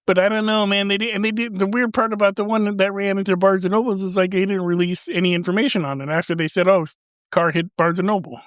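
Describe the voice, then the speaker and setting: A man's voice: high voice, fairly even intonation, fast talker, no echo, studio quality. A man in his forties co-hosting a casual chat, rambling, trailing off mid-sentence and laughing often. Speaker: podcast co-host.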